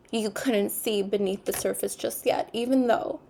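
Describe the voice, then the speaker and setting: A woman reads tarot cards in an unhurried, earnest voice with a noticeable gravelly fry underneath. She sits at a middle pitch for a woman and circles back over her spiritual phrases again and again. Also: steady tone, warm tone. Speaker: tarot reader. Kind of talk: intuitive tarot card reading.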